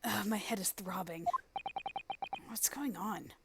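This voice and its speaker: A woman's voice: medium pitch, slow pace, heavy background noise. A woman voicing a bewildered, anxious young male lawyer. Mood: confused.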